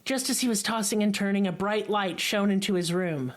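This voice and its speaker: A woman's voice: medium pitch, brisk. A woman podcast host spinning a spooky tale in loose, comedic chat. She peppers it with profanity and sarcastic jokes, and she often dissolves into giggles at how silly the story is.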